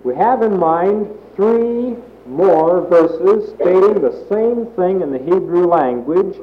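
A man preaching a Bible sermon in a deliberate way, stressing key words as he reads and explains scripture. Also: high voice, animated. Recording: tinny echoey old recording with faint hiss.

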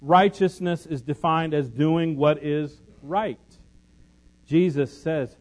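A man preaching a sermon, moving between loud emphatic declarations and soft conversational teaching. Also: a little high, slow. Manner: shifts from loud scripture and sung lines to soft conversational teaching; lively, emphatic preaching with repetition and humor. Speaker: pastor.

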